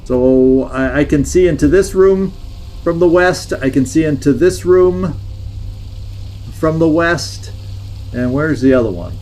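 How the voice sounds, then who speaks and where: A man whose voice is fairly high and a little mellow streams a strategy game at an unhurried pace. He thinks aloud hesitantly, musing over every move and talking himself through his plans.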